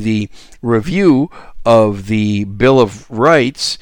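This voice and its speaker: Casting note: male podcast host, solo monologue, eager and chatty, smooth clear voice, dry close sound. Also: mid-range voice, expressive, takes it slowly, dry recording. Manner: enthusiastic, conversational, with restarts.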